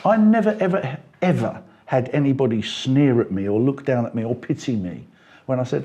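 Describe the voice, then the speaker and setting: Brief: middle-aged English party member, gravelly, dark tone, gets worked up in interview. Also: male voice, normal speed. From England. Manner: animated, rising pitch when making points. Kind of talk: political interview chat.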